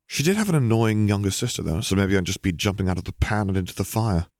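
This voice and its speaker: A man reads as a good-humored young wizard with wry, dry humor in this storybook. The voice is deep and close, with no room sound at all. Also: animated, quick pace, darkish tone, no echo.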